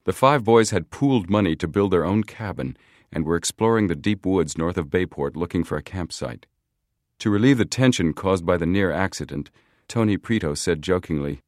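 A man narrating a boys' adventure book in a measured, steady reading. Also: sits low, dry recording, studio quality. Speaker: audiobook narrator. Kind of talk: scripted narration.

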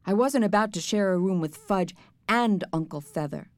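A woman narrating a children's book in the first person with an even storytelling delivery. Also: medium pitch, normal speed, no room sound. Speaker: audiobook narrator.

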